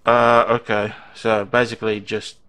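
A man's voice: on the low side, little pitch movement, unhurried, sharp tone, slight background noise. A man giving casual let's-play commentary on a horror game, panicking, laughing and chattering to himself into a desktop mic at home. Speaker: gamer playing a horror game. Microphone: desktop microphone. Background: game music.

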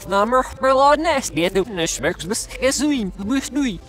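A man in excited gaming chatter, firing off quick shouty callouts while he plays. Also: extremely high pitch.

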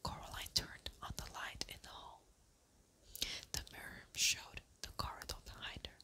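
An ASMR host reading a children's book aloud in a slow, gentle whisper.

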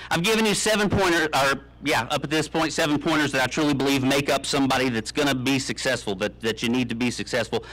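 A man in his thirties giving a humorous commencement speech, telling deadpan tall tales with many ums and uhs. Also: medium pitch, low-quality recording. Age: 30s. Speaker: commencement speaker. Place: graduation ceremony, speaking to an audience.

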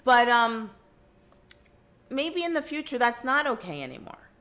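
A woman's voice: a little high, big pitch swings, a little slow, bright, forceful tone. A woman explaining herself on an after-show, earnest and careful. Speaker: reality show cast member.

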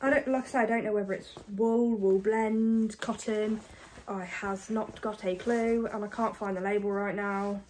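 A woman from the UK chatting casually to camera about her thrift finds, fast and self-deprecating, a bit out of breath. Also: medium pitch, steady tone, a little mellow, a little hiss or hum. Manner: chatty and self-deprecating, talks fast with many ums and likes. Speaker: reseller vlogger. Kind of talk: casual haul chat to camera.

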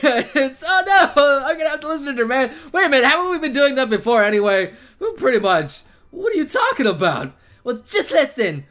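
A man giving excitable let's play commentary, laughing and swearing through his reactions. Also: extremely high pitch, a little slow. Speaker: gaming channel host.

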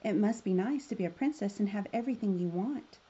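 A woman's voice: medium pitch, fast talker, mellow, breathy edge, dull audio, lightly acted. A woman voicing a polite, cheerful male frog at dinner. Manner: polite and friendly.

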